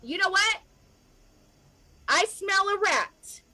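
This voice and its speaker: A fiery American woman with a very high, bright and forceful voice delivers an impassioned rant to camera. She hammers her points through repetition and speaks straight to the governments she blames. She is emotional and sounds close to tears. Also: lively intonation, takes it slowly, poor audio. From United States. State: emotional, near tears at times. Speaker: activist vlogger.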